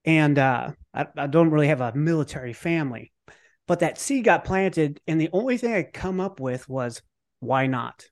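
Male guest, slightly high voice, animated casual storyteller, drops a curse now and then. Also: normal speed. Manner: animated, acts out his own thoughts in quotes; casual, with fillers and occasional cursing. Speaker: podcast guest. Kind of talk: conversational storytelling.

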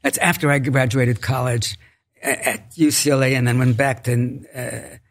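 A man's voice: medium pitch, fairly even intonation, moderate pace. An older man, a guest actor, telling rambling stories with many restarts in a podcast interview. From United States.

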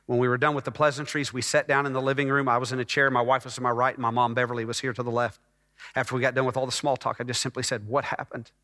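A man preaching a personal testimony as a sermon, telling his story with hushed moments that build to loud, emphatic passages. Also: medium pitch, level tone, rapid-fire. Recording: long hall reverb.

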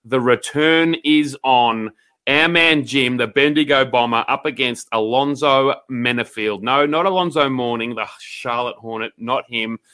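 Hyped Australian man, bright voice. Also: mid-range voice, measured pace, clear, resonant tone. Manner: loud, hyped, sweary banter. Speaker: podcast co-host. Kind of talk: hyped casual chat.

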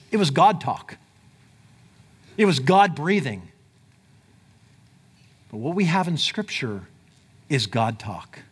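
A man preaching a sermon in a conversational way, swinging between loud emphatic lines and quiet low ones. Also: breathy edge. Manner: conversational, with fillers like "like" and "right?". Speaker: pastor.

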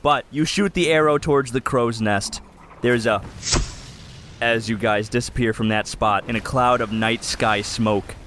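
A man's voice: mid-range voice, fairly even intonation, measured pace, noisy background. A man running a tabletop game as game master, narrating the scene in vivid detail. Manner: vivid descriptive storytelling.

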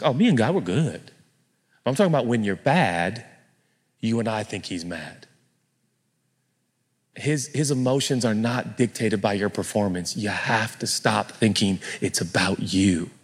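A man's voice: on the low side, long reverb tail. A man preaching a sermon as pastor, telling self-mocking stories and acting out voices, in a church. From United States. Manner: animated, self-mocking storytelling with acted-out voices. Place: church auditorium.

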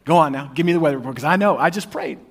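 A bold prophet, as a preacher puts him on, high voiced and brash at times, then begging in a near whisper. it is acted out in the middle of a church sermon and stays close to the preacher's own voice. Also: male voice, very fast, close to an everyday voice. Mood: confident. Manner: pleading in a hushed voice when desperate. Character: bold male prophet, confident then desperate.

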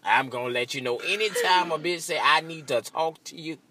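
High, bright-voiced man in a profane comic rant. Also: brisk, a little hiss or hum. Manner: laughs often at his own jokes, profane. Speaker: comedian.

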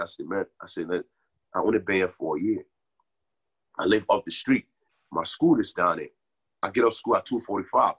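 A young man from Liberia telling his life story in a casual interview, animated and often asking "you know what I'm saying". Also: lowish voice, husky.

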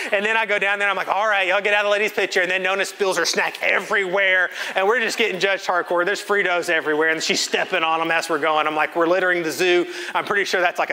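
Lively and bright, this male pastor's high, ringing voice fills a reverberant church sanctuary. His sermon storytelling is animated and self-deprecating, with quotes he acts out.

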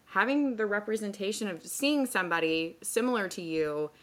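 A woman in her thirties in a casual panel chat, quick to laugh at herself as she tells stories. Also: medium pitch. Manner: laughs often, quick self-mocking asides. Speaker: guest.

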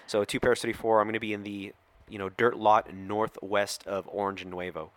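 A man's voice: fairly low pitch, a little fast, no echo. A middle-aged man, a police officer, telling a story on a podcast and acting out the quoted lines. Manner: animated storyteller who acts out quoted lines.

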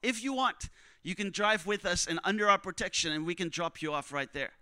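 A man preaching, telling a story in a conversational, animated way and acting out what others said. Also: high voice, a little fast, no room sound. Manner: animated, conversational, acts out quotes. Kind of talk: sermon storytelling.

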